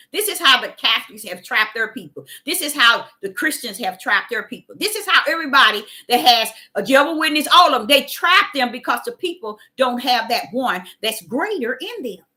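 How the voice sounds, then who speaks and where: A woman preaches to her online viewers with emphatic, repeated phrases and sudden shouted bursts. Her voice is high and swoops widely, with a bright, sharp edge.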